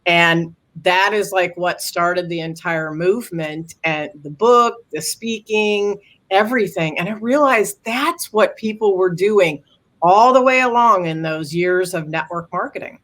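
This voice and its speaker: Interviewed as a guest author and speaker, a middle-aged woman shares a personal story in a fairly low voice at a measured pace. Her telling is earnest and animated, and she voices the quotes herself.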